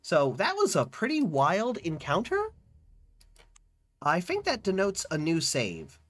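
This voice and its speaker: A game streamer with a mid-range voice and wildly swooping pitch reads a fantasy video game's narration aloud with dramatic flair. Between passages, he chats casually and quickly about the choices.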